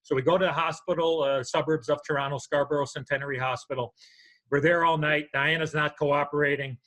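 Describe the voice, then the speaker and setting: An older man telling a story on a podcast, his voice bright and a little high, and he acts out every character as he goes. Lively and animated, he's a natural storyteller in easy chat. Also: a little fast, poor audio. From United States. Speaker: podcast co-host.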